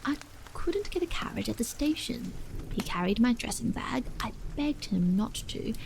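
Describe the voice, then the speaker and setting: A woman voicing an eager, chatty young daughter in whispered role-play, higher and brighter than her narration. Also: very animated, normal speed, gravelly, slight background noise, rough recording.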